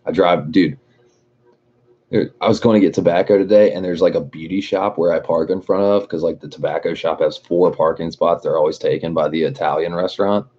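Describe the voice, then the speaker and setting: A man's voice: low-pitched, fairly even intonation, fairly quick, a little mellow, breathy edge. A young man hosting a livestream, rambling and swearing in casual chat, laughing often. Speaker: livestream host. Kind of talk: casual chat with live chat readers. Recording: dull lo-fi stream audio.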